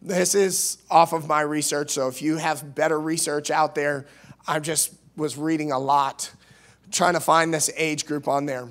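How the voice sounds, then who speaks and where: A man from Missouri preaching a sermon as youth minister, earnest, restarting words, swinging between loud and soft. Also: on the high side, little pitch movement, measured pace. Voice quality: nasal at times. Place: church.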